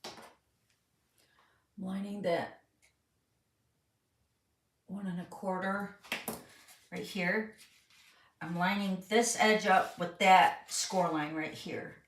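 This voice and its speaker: A woman's voice: mid-range voice, fairly even intonation, very slow, long pauses, far from the mic, a little hiss or hum. A middle-aged woman hosting a live card-making tutorial, walking viewers through each step and reading their questions aloud in a chatty way. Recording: roomy sound, voice a bit off-mic.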